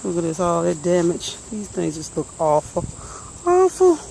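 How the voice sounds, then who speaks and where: A woman's voice: fairly low pitch, steady tone, moderate pace, gravelly, darkish tone, a little hiss or hum, low-quality recording. A woman, out of breath, casually walking through her vegetable garden and muttering plant names as she films. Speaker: gardening vlogger.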